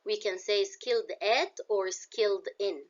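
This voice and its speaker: A woman's voice: mid-range voice, a little slow, dull audio. Egyptian woman teaching English vocabulary. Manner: explains English words, then glosses them in Egyptian Arabic. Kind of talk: classroom vocabulary lesson.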